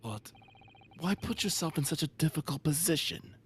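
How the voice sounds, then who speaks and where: A man's voice: fairly high pitch, lively intonation, moderate pace, a little hiss or hum, natural voice. A man reading the part of a skeptical police inspector, incredulous and questioning. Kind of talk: reading game dialogue aloud.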